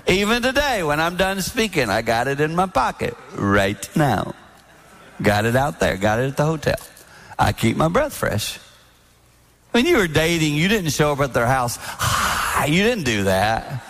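A man in his sixties giving a sermon-style talk on marriage, animated and storytelling, acting out other people's lines. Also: on the high side, unhurried. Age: 60s. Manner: animated storytelling with mimicked voices. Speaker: speaker at a marriage event. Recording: long hall reverb.

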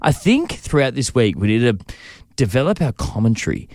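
Animated Australian male radio host. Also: mid-range voice, moderate pace, no room sound, clean studio sound. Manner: playful, animated banter. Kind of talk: casual radio banter.

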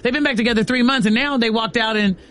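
A man hosting a radio call-in show, chatty and relaxed as he reads out listener messages. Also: extremely high pitch, fast.

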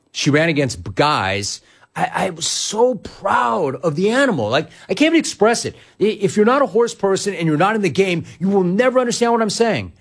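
A man's voice: sits high, slightly rough. A man hosting a sports talk show, telling stories emphatically and riffing on listener comments.

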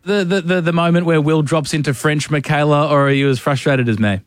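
An Australian man hosting a radio show, teasing his co-host in quick banter and running a phone quiz. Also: fairly high pitch, dry recording, faint music behind. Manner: teasing, quick-fire and playful.

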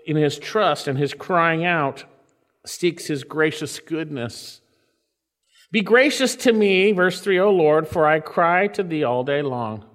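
A pastor preaching a sermon, swinging between loud and soft and slowing down to stretch out quoted scripture. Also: male voice, fairly high pitch, in a large hall.

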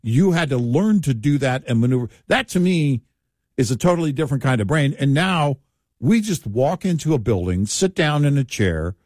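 Lively, animated man chatting. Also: mid-range voice, moderate pace, no echo, studio quality. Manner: animated storytelling with wry asides. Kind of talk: casual chat.

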